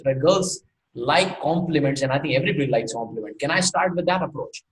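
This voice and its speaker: A sales trainer from India runs an online workshop, asking lots of rhetorical questions and laughing often. His voice is a little high and fairly quick, captured on an online call mic in an echoey room with faint noise.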